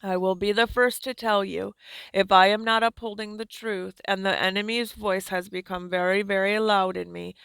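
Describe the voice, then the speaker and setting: A woman giving slow, earnest, soft-spoken devotional teaching as a Christian speaker. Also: mid-range voice, steady tone, vocal fry, clear, resonant tone, no room sound.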